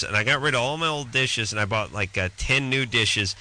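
A man's voice: medium pitch, moderate pace, sharp tone, slight background noise. A man hosting a call-in radio show, rambling through comic riffs in casual chat.

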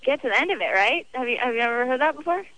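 Young woman caller on the phone, high lively voice, talks fast and blunt. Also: no room sound. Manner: chatty, frank, quick-talking. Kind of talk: call-in radio chat. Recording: phone line.

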